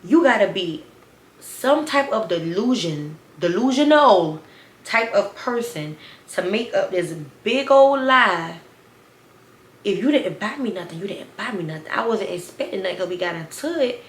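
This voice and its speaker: A woman, telling a story in a sassy, animated way and talking straight to viewers. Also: mid-range voice, a little slow, roomy sound. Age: 20s. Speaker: storytime vlogger. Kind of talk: casual storytime.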